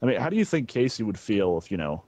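A man's voice: lowish voice, very animated, quick pace, a little mellow, husky, dry recording. A man playing a bullying angry dad. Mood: accusing. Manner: blustering, stammering, insulting. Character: gruff bullying middle-aged father, retired Marine. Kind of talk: prank call role-play.

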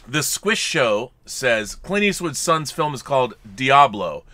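A man's voice: medium pitch, sing-song, slow pace, pushed and bright, dry recording. A man co-hosting a casual film chat, joking around and reading viewer comments aloud. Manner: jokey, reads super chats aloud. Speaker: podcast co-host. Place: home studio with collectibles.

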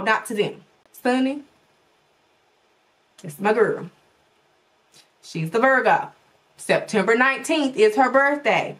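Woman host, casual direct-to-viewer commentary; animated, folksy, big pitch swoops. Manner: animated, folksy, talks straight to her audience. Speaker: podcast host.

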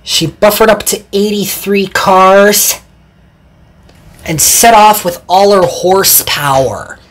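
A woman narrating a storybook tale in a slow, animated reading. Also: medium pitch.

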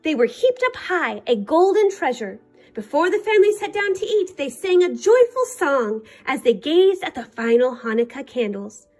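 A woman reading a picture book aloud to children for a library storytime, with an expressive delivery. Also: high-pitched, moderate pace, soft background music.

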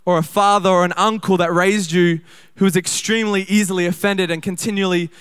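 A young man preaching a sermon at a church service, talking conversationally in quick bursts and slowing down to read scripture. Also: high-pitched, steady tone, a bit bright, clear, resonant tone.

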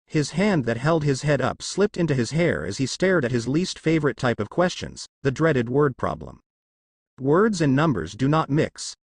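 A man narrating fan fiction aloud in a lively storytelling manner. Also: medium pitch, normal speed, few pauses, slightly rough, dry recording.

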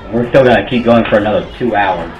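A man's voice: lowish voice, fast talker, reverberant, lo-fi sound, over music, a crowd in the background. A man with a sore throat giving rambling, self-mocking casual commentary while playing a game. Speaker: gamer.

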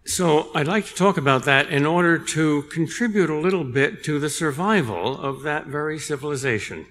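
An older man giving a public lecture, telling a story in a measured way with dry humor. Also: fairly high pitch, fairly bright tone. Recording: long reverb in a large hall.

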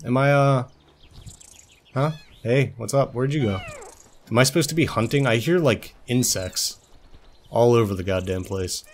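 A man's voice: medium pitch, normal speed, pauses often, slight background noise. A young man giving playful, joking gameplay commentary as a let's play host, swearing casually.

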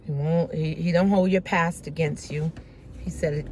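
A woman's voice: deep voice, steady tone, unhurried, background noise. A woman preaching a devotional message, fervent and prayerful, repeating her phrases for emphasis. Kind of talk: devotional exhortation.

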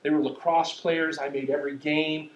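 A man's voice: a little high, moderate pace, dull audio. Storytelling preacher man in an echoey hall. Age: middle-aged. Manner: storytelling, animated and self-mocking. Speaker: pastor. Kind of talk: sermon.

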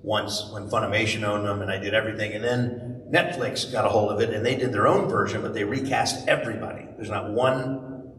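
Middle-aged guy with a lowish voice doing a con q&a, animated, big echoey hall, faint hiss. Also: a little fast, recorded from a distance. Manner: animated storyteller, jumps high for quoted voices. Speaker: convention panel guest, voice actor. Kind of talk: live convention Q&A storytelling. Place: large convention hall.

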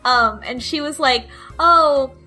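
A woman's voice: on the high side, lively intonation, a little slow, pushed and bright, faint music behind. A woman chatting casually as a book club panelist, hesitant and giggly, full of fillers. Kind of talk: casual podcast chat.

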